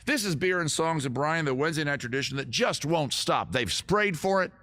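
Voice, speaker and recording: A man's voice: on the high side, lively intonation, fairly quick, pushed and bright, dry recording, clean studio sound. A middle-aged man hosting a casual livestream, joking and rambling in a self-mocking way. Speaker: host of a livestream music and beer show. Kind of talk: casual livestream chat and singing with guitar.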